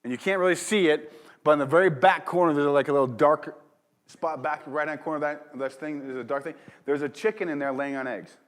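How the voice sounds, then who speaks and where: A man's voice: a little high, fairly quick. Man preaching in a casual storytelling way. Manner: casual, rambling, laughs at his own story. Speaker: pastor. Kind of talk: sermon with personal storytelling. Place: church.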